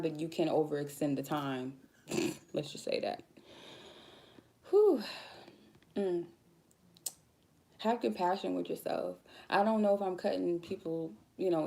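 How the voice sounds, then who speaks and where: Gravelly-voiced woman giving a blunt reading. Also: fairly low pitch, dark tone. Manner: blunt, goofy, swears freely. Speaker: tarot reader. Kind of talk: casual spiritual vlog talk.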